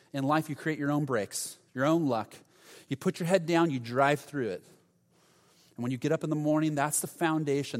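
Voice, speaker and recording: Man preaching in an echoing hall. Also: a little high. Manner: earnest, conversational preaching with acted-out quotes. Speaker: pastor. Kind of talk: sermon. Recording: reverberant hall.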